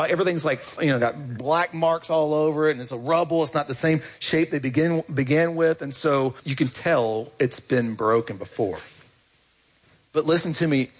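A pastor delivers a sermon in a relaxed, conversational way, often asking the congregation questions. His voice sits a little high for a man, with a husky edge. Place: church.

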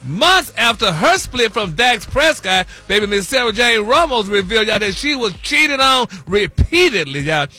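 A man's voice: high voice, very animated, moderate pace, hardly any pauses, sharp tone, soft background music. A man delivering a comic celebrity gossip segment on a radio show, sassy and flamboyant, calling listeners honey and y'all.

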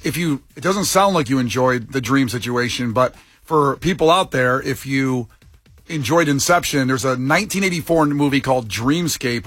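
Easygoing husky man, dry mic. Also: mid-range voice, a bit bright, no echo. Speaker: podcast co-host. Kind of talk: casual chat.

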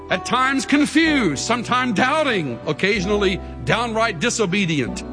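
Male pastor, unhurried, high and animated delivery; recorded in a reverberant hall with faint music. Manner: dramatic preaching, swinging from hushed to shouting. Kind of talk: sermon.

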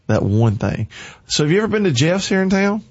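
A man's voice: high-pitched, big pitch swings, fairly quick, dull audio. A man with a Southern American accent, hosting a rambling, casual radio chat. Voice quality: folksy, rambling and chatty. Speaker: radio host.

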